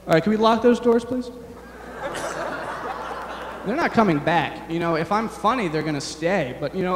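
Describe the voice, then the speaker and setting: A young man performing a rambling, self-deprecating stand-up set, halting often with fillers. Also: a little high, lively intonation, roomy sound, big-room sound, background noise. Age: young adult. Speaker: stand-up comedian. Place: large chapel hall on stage.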